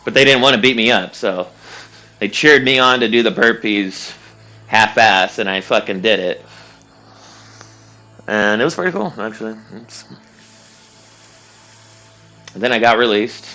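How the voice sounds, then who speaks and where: A man's voice: fairly low pitch, measured pace, long pauses, pushed and bright. A young man streaming a game, telling a long story casually, rambling and swearing with lots of fillers and laughs. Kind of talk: casual storytelling while gaming.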